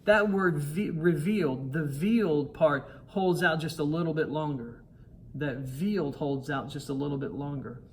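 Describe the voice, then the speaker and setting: Slow-talking man teaching choir parts. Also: a little high, noisy background. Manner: sings parts and counts in; encouraging, relaxed teacher talk. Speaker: choir director. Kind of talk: choir rehearsal tutorial. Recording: piano music loud behind him. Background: piano.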